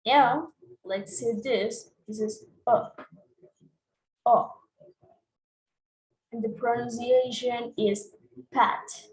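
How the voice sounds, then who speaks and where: A woman's voice: a little high, fairly even intonation, drawn-out words, long pauses, a little mellow. A woman teaching English vowel sounds, naming each symbol and repeating every example word. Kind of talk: slow, deliberate pronunciation lesson. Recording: echoey room, voice off-mic.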